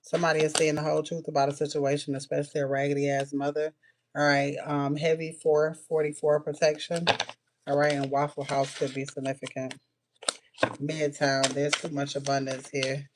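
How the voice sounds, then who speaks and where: Lady doing a psychic reading, flat voice, swears a lot, typing and noise in the background. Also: sits low. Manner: rapid-fire blunt messages, frequent "all right" and cursing. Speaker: spiritual reader. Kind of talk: casual intuitive reading to viewers.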